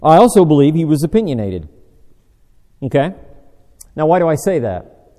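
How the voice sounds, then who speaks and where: A man's voice: on the high side, sing-song, moderate pace, warm tone. A man preaching a conversational sermon, quizzing his listeners and poking fun at himself. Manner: chatty, asks the audience questions, dry self-deprecating humor. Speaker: preacher teaching a Bible study. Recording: long reverb of a large hall.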